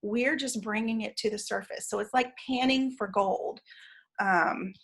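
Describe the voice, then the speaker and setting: A woman teaching an online training session, explaining in a measured way with frequent fillers and restarts. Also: medium pitch, gravelly, fairly bright tone.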